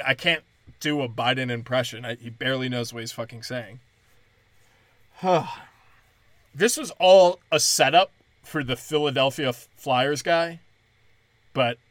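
A man's voice: mid-range voice, a bit bright, no room sound. A man hosting a podcast and delivering a sarcastic, profane, mocking comedic rant.

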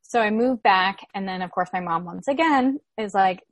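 A woman's voice: mid-range voice, normal speed, hardly any pauses, dry recording. A young woman in her twenties, telling a personal story in casual chat with lots of "like" fillers. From Florida, USA. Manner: animated retelling with many "like" fillers. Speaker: podcast guest.

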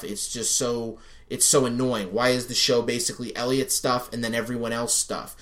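A man co-hosting a podcast, chatting casually and excitedly, swearing freely and acting out his own reactions. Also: mid-range voice, moderate pace. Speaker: podcast co-host. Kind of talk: casual chat reviewing a TV show.

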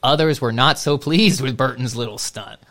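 A man's voice: medium pitch, normal speed. A man co-hosting a casual podcast, reading a news story aloud with fillers, laughs and asides. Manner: relaxed, laughing, reads with fillers. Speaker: podcast co-host.

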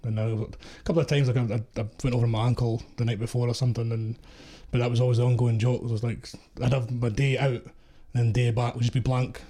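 A middle-aged Scottish man with a broad East Coast accent talks in a warm, dark tone. He tells his stories bluntly, swearing freely. His delivery is casual and full of laughter. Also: medium pitch, little pitch movement, fast talker, few pauses. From Scotland. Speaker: podcast guest, former security contractor. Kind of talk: casual chat.

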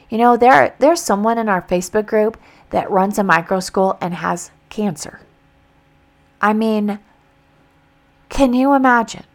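A woman's voice: mid-range voice, gravelly. A woman hosting a podcast, giving earnest, faith-filled encouragement in a motivational talk. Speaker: podcast host.

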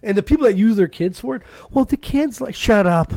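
Male podcast co-host, angry profane ranter, high gravelly voice, dry close mic. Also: lively intonation, brisk, mellow, dry recording. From Canada. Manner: angry, profane ranting with repeated restarts. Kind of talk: casual podcast rant. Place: podcast studio.

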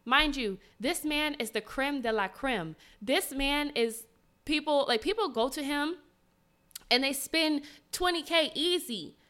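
A woman hosts a casual podcast and tells a personal story with dramatic flair. Her voice is bright and sits a little high. She speaks directly to her listeners as if they are friends. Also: a little slow. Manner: animated, dramatic, talks straight to listeners. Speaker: podcast host.

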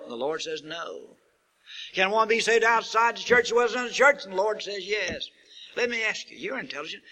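A man preaching a sermon who builds to emphatic peaks and asks rhetorical questions, stretching out key words slowly. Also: a little high, sharp tone, poor audio. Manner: slow drawn-out stresses on key words.

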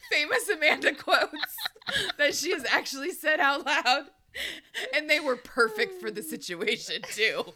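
A woman's voice: high-pitched, very animated, slow, pauses often, sharp tone. A woman co-hosting a podcast in casual chat, teasing and giggling often. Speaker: podcast co-host.

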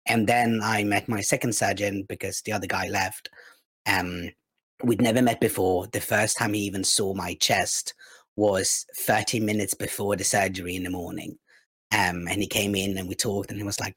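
A man with a low, husky voice is a guest on a casual podcast. He speaks frankly and plainly about personal matters, recorded close and dry with no room sound. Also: fairly even intonation, normal speed, a bit bright, no room sound. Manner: candid, frank, matter-of-fact. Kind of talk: casual interview chat.

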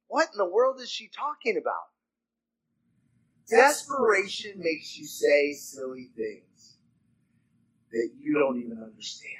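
A man preaching a sermon, chatty and animated, asking his listeners questions and moving between loud dramatic reading and soft asides. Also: on the high side, unhurried, pauses often, slightly rough, poor audio. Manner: animated, conversational, asks the congregation questions.

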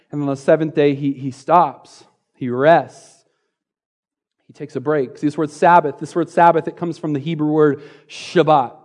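Playful, energetic male preacher. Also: fairly high pitch, moderate pace. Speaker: pastor. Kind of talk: sermon. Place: church stage.

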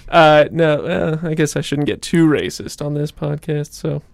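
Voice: mid-range voice, fairly even intonation, moderate pace, gravelly, no room sound. Rambling casual podcast host, dry sound. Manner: rambling with many fillers, loses track mid-sentence. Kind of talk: casual chat.

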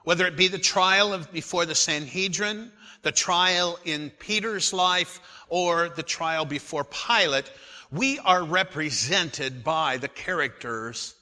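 A man in his sixties preaching a sermon as a pastor, earnest and unhurried as he reads scripture aloud. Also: on the high side, pushed and bright, big-room sound.

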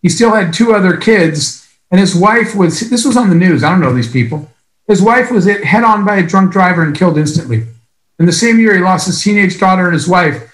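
Man giving a heartfelt business pep talk, highish voice, echoey hall. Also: lively intonation, fairly bright tone. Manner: earnest, emphatic storytelling with long pauses. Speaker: speaker at a business event. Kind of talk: motivational speech.

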